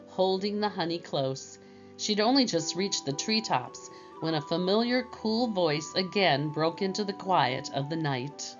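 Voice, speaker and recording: A woman gently narrating a children's storybook aloud. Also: on the low side, unhurried. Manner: gentle and expressive. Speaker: storybook reader. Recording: dull lo-fi with faint music.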